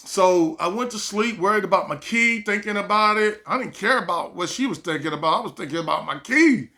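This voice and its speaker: A man casually telling a personal story to camera, animated and full of quoted back-and-forth dialogue. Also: sits high, fairly quick, few pauses. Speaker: vlogger.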